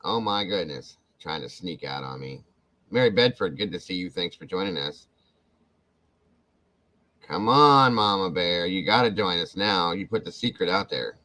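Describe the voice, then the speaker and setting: In a casual livestream, a man with a deep voice greets viewers by name and thanks them effusively. His delivery is animated and moderately paced, warm and gushing, though the audio quality is poor.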